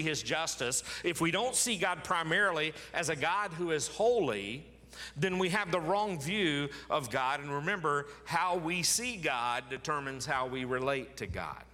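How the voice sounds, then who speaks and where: A pastor preaching an emphatic sermon, repeating key words for stress. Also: male voice, on the high side, sharp tone, big-room sound.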